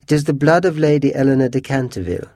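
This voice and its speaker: A man voicing an ominous old housekeeper woman with a raspy voice and gloomy, warning tones. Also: mid-range voice, fast, darkish tone, dry recording, studio quality, pitched above the performer's own voice, close to an everyday voice.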